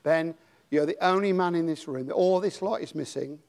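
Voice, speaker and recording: An older British man preaching a sermon, dropping to a hush and then rising to dramatic shouts. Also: fairly high pitch, moderate pace, vocal fry. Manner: dramatic, swings from hushed to shouting.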